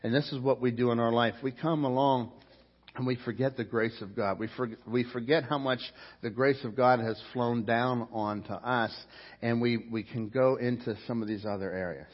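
A middle-aged man delivering a sermon in an easygoing, conversational way, often stopping to ask his listeners questions and repeating himself as he goes. His voice sits in a middle pitch, and the recording sounds slightly dull and muffled. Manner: conversational preaching with rhetorical questions and repetitions. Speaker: pastor.

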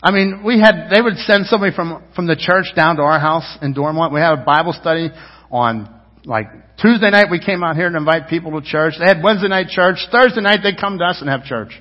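A fairly high, husky man in his fifties preaches to his church, telling a rambling story full of restarts and asides. His voice climbs loud for emphasis, then drops low and quiet. The sound is dull, with a long reverb filling the sanctuary. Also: expressive, brisk. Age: 50s. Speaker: pastor. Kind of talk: sermon.

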